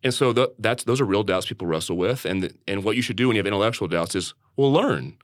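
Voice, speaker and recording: A man co-hosting a church podcast, who is also a church leader, shares a candid personal story in an earnest, conversational way, frequently restarting and repeating words. He talks fast with a lowish voice and lively intonation, recorded in studio quality with no room sound.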